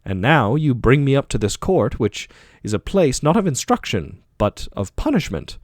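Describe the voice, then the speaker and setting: A man's voice: medium pitch, very animated, normal speed, a little mellow, no room sound, clean studio sound. A man reading the part of an aging male philosopher defending himself in court, with probing, rhetorical questioning. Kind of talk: audiobook dialogue reading.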